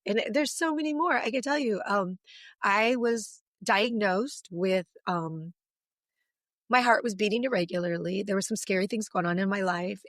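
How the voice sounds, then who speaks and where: A woman in her forties, a podcast guest, telling a long, emotional story in an animated, long-winded way. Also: mid-range voice, no room sound, clean studio sound.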